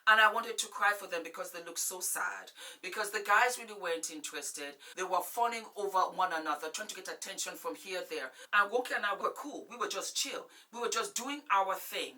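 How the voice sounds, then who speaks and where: A woman's voice: mid-range voice, brisk, few pauses, bright, forceful tone. A woman in her forties giving frank, emphatic relationship advice straight to camera as a vlogger, sounding a little distant from the mic. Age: 40s. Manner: emphatic, blunt, preachy.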